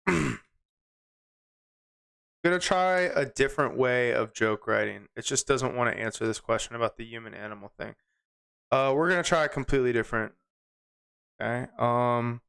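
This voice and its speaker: Young male comedy host, smooth clear voice, dry chuckling commentary. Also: medium pitch, a bit bright. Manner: chuckling, wry, reads text aloud quickly. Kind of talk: casual commentary while reading chatbot output.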